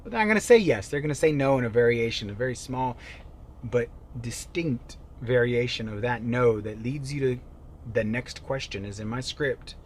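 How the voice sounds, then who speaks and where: A man giving a motivational sales-coaching talk, emphatic and animated, jumping from loud bursts to quiet asides. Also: medium pitch, normal speed, a little hiss or hum. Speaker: real estate sales coach.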